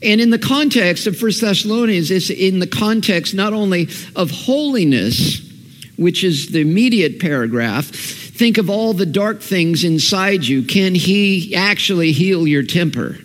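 A man preaching a sermon as pastor, lively and emphatic, repeating key phrases as he builds. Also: high voice, a little slow. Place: church hall. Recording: long hall reverb.

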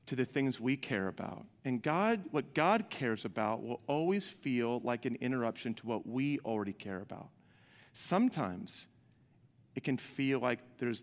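A male pastor giving a sermon, animated and putting questions to the congregation. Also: mid-range voice, long reverb tail.

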